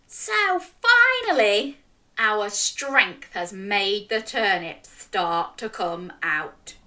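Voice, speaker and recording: A woman reading a picture book aloud to young children, animated and interactive, coaxing the listeners to join in. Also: mid-range voice, slow, distant mic. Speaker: children's storyteller.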